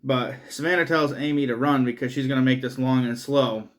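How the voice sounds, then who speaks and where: A man's voice: mid-range voice, steady tone, a little fast. A man giving a casual spoken film review, rambling through the plot with frequent swearing and laughter. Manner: profane, laughing, rambling recap. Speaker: movie reviewer.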